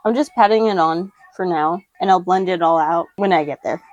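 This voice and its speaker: A woman's voice: on the low side, brisk, darkish tone, no room sound, highs cut off. A young woman chatting casually through a makeup tutorial at home, rambling, giggling and swearing offhandedly while talking to the camera. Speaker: makeup vlogger.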